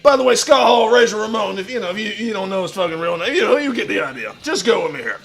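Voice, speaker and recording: A man with a strikingly high, gravelly voice holds forth like a wrestling promo on his own livestream. He is boastful and foul-mouthed, and he breaks into shouts. His tone is bright and forceful. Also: expressive, quick pace, faint music behind. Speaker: livestream host in a wrestler persona. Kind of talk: brash wrestling promo talk.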